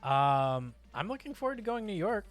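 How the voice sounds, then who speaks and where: A man's voice: high-pitched, big pitch swings, a little fast, soft background music. Chatty male streamer yelping mid-game. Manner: chatty, yelps and exclaims at game events. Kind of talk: casual gameplay chat.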